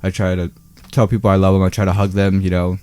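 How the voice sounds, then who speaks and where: Low-voiced young man, hesitant and reflective. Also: little pitch movement, fast talker, a little mellow, smooth. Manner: reflective, hesitant, many "you know"s. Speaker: podcast co-host. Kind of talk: casual podcast chat.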